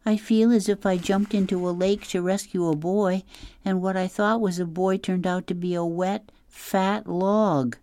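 A woman voicing a young girl who is upset and tearful, her voice rising high and breaking. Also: fairly even intonation, measured pace, mellow, clean tone, lightly acted. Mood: glum.

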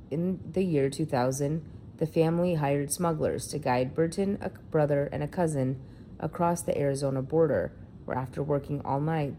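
Low, mellow woman reading a story aloud. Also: slight background noise. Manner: plain narrating read-aloud delivery. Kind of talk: reading a feature article aloud.

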